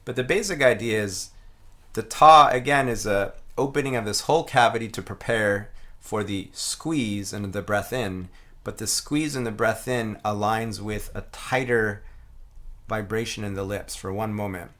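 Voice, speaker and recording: Male instructor, lowish voice, thoughtful and easygoing, talks through technique step by step. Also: moderate pace. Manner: relaxed, reflective, chanting rhythm syllables aloud. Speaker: didgeridoo teacher. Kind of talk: explaining a playing technique.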